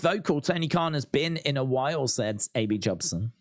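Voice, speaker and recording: Male streamer, casual talky commentary, reads chat, mid pitch, dry close sound. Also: lively intonation, moderate pace, no room sound. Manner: chatty, reads out viewer comments, laughs often. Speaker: wrestling watch-along streamer.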